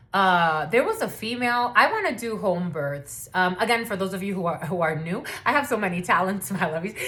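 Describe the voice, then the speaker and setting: A woman's voice: mid-range voice, fairly bright tone. Blunt, cussing woman giving a reading. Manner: blunt and profane, laughing asides. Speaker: spiritual reader. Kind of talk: casual channeled reading.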